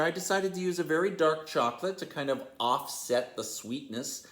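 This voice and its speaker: A man's voice: on the high side, animated, moderate pace, few pauses, pushed and bright. A man hosting a casual home bartending vlog, chatty and self-deprecating, with playful emphasis. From New York. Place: home bar.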